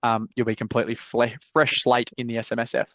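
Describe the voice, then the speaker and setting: A laid-back Australian man hands out blunt property advice over a video call, swearing freely and keeping it casual. His voice sits at a middle pitch. The audio comes through muffled and dull, with a dry, close sound. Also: little pitch movement, quick pace, fairly bright tone, no echo. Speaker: property advisor hosting live mentorship calls.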